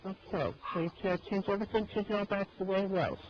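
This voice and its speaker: A man pleading and agitated on an archived call recording, sometimes breaking into shouting. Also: high voice, quick pace. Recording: muffled old call recording, faint hiss.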